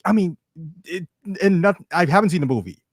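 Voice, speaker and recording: A man chatting casually as a podcast guest, animated and laughing as he talks. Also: high-pitched, a little fast, no room sound, studio quality. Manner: animated, laughs often, mimics others. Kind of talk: casual chat.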